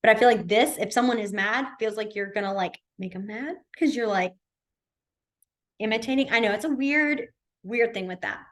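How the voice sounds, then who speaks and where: A woman's voice: medium pitch, normal speed. A woman teaching a beginner sign language class in a library, chatty and informal, with lots of fillers and self-corrections. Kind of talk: casual class instruction.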